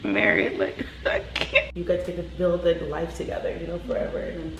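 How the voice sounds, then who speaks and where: A woman's voice: fairly low pitch, lively intonation, moderate pace, fairly bright tone, a little hiss or hum, low-quality recording. A young woman vlogging in a casual chat, emotional and close to tears. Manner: emotional, tearful, laughing.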